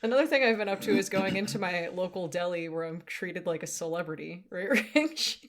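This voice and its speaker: A woman's voice: on the low side, fast talker. A woman co-hosting a podcast, chatting casually and telling stories animatedly. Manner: animated storytelling, laughs often. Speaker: podcast co-host. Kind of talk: casual chat.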